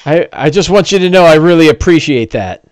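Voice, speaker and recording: A man's voice: a little high, expressive, fairly quick, dry recording, lightly acted. A man voicing a treacherous wounded male orc warrior who wheedles and jeers. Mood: falsely grateful. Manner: wheedling then jeering.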